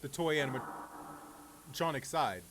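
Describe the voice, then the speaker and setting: A man's voice: on the high side, animated, slow pace. Guy doing a reaction vid, cusses a ton, talks back at the screen, noisy mic. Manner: swears a lot, yells back at the screen. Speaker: youtuber reacting to a video. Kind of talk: casual reaction commentary.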